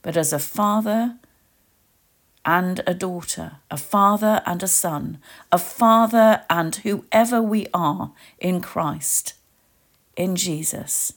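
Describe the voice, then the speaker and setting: A woman giving a reflective sermon, leading listeners through a gentle guided imagining in short, meditative phrases. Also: on the low side. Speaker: preacher.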